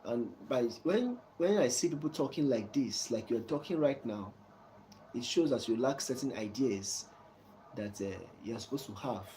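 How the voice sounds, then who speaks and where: Casual host, warm and mellow, chuckling preachy advice, faint background hum. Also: male voice, mid-range voice, lively intonation, moderate pace, rough recording. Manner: preachy, repeats "you understand?" often; soft chuckles between points. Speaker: channel host giving life advice. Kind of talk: casual advice talk to a viewer.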